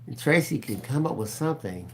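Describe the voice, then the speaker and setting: A man's voice: medium pitch, a little fast. A man co-hosting a live craft stream, casually chatting and reading out viewer comments with jokes. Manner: animated, reads comments aloud, jokey.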